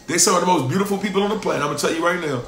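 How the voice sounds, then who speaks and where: A man preaching as a pastor, emphatic, repeating lines for stress and swinging between loud bursts and hushed asides. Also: sits high, rapid-fire, echoey room, soft background music. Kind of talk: sermon.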